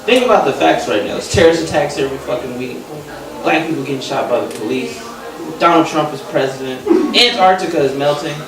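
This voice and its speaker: A young man from Los Angeles doing a stand-up comedy set, loud on punchlines and dropping low for asides. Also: animated, a little fast. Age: young adult. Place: comedy club stage. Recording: echoey live room, mic far off, crowd laughter.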